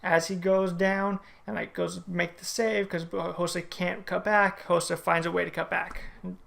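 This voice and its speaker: Fan-reaction vlogger: very gravelly voice, casual play-by-play recap with strong opinions. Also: mid-range voice, little pitch movement, normal speed, a bit bright. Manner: play-by-play retelling, opinionated and chatty. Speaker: hockey fan reviewing a game. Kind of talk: casual game recap vlog.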